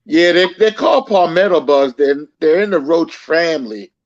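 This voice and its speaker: A man talking casually as a guest, explaining things in a relaxed way with a few repeats. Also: fairly high pitch, normal speed, highs cut off. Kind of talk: casual chat.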